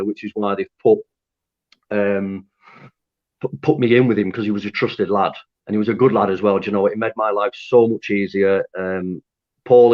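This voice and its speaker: Bloke, lowish voice, swears a lot and laughs at himself while telling the story, bit of a dull muffled recording. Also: male voice. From Lancaster, North West England. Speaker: interview guest. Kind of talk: candid storytelling. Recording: dull lo-fi audio.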